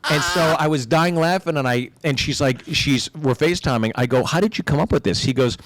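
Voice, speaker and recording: A middle-aged American man co-hosting a podcast, telling family stories with lively acted-out voices. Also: on the high side, fairly quick, over a noisy crowd. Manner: animated storyteller, acts out family voices. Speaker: podcast co-host. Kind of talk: casual comedic chat.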